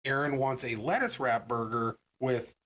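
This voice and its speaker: A man's voice: moderate pace, over a noisy crowd. A man co-hosting a podcast, telling a story in casual chat and acting out the people he quotes. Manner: animated, voices quoted people with big pitch jumps. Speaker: podcast co-host.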